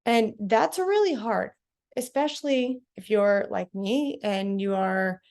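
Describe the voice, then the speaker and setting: A woman's voice: medium pitch, slow, darkish tone. A woman talking to camera in a casual, direct way, giving advice from her own experience. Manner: direct, conversational, self-reflective. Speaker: vlogger.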